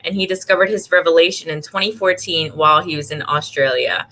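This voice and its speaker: A woman's voice: low-pitched, fairly even intonation, a little fast, sharp tone, poor audio. Upbeat laughing woman hosting a chat. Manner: laughs often, chatty and upbeat. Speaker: podcast host. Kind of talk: casual video-call interview.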